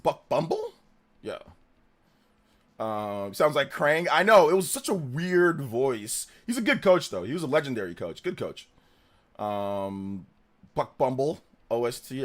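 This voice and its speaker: Lively young man streaming casually. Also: mid-range voice, a little slow. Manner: energetic, slangy, hums theme tunes, laughs often. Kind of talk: casual live reaction stream chat.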